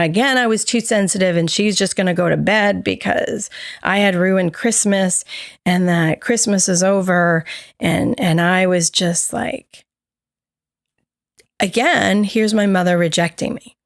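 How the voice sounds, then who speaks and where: A woman's voice: lowish voice, measured pace, no room sound, clean studio sound. A woman co-hosting a podcast, candidly telling a personal story and acting out the voices of others in it. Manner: candid, animated, acts out quoted dialogue. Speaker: podcast co-host.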